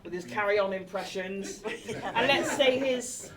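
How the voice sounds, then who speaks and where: At a wedding reception in a large hall, a woman in her forties delivers a speech at a measured pace in a medium-pitched voice. Emotional and a little tipsy, she laughs through tears and adds apologetic asides, while a distant mic picks up the lively crowd.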